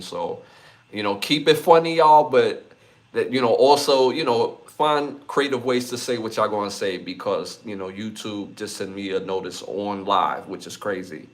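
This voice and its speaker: A young man from New hosting a live podcast, chatting loosely and laughing a lot as he reads comments. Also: lowish voice. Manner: laughs often, loose slangy banter. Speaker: podcast host. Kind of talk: casual live-stream chat reading comments.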